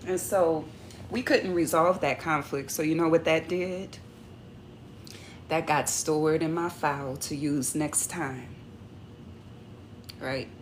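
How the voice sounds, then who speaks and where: Woman coach chatting about relationships, lowish voice, sassy and animated, faint hum behind. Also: slow pace, pauses often. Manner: animated, acts out quoted arguments. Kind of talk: casual talk to camera.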